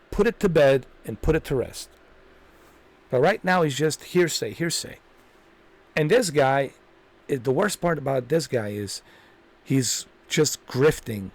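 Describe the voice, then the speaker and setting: A man's voice: mid-range voice, a little mellow. Guy ranting on his channel, mad, says the same thing over and over. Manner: indignant, repetitive, emphatic. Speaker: commentary channel host. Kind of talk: ranting video commentary.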